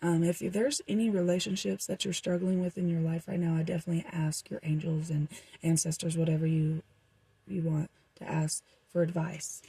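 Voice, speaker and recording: Very breathy, husky woman reading tarot. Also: on the low side, warm tone, no room sound, rough recording. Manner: rambling, meandering with frequent fillers. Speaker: tarot reader. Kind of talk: casual tarot reading to viewers.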